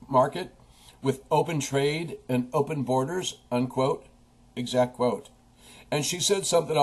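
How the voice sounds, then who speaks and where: A man's voice: mid-range voice, creaky, darkish tone, husky. A man delivering an impassioned political rant, preaching at his listeners and quoting scripture. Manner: preachy, quotes scripture, talks straight at the audience. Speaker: political commentator.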